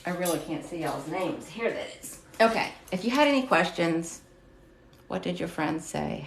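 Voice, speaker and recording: A lower-pitched woman with a drawl speaks in a raw, confessional way, drifting between thoughts as she talks to viewers. She sits a little back from the mic in a roomy, echoey space. A faint room hum sits behind her. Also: normal speed. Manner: emotional, confessional, rambling. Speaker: live stream host. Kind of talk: personal testimony to a live audience. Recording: roomy echo, slightly distant mic.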